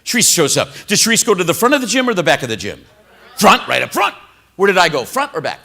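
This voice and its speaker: A man giving a motivational keynote speech to a live audience, animated, exclaiming and firing questions at the crowd. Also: high-pitched, quick pace, creaky. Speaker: motivational speaker. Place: hotel event hall.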